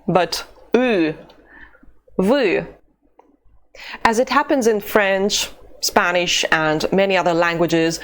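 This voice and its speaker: A woman teaching an online language lesson, pronouncing drill phrases slowly and deliberately. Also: medium pitch. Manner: slow, deliberate drill pronunciation.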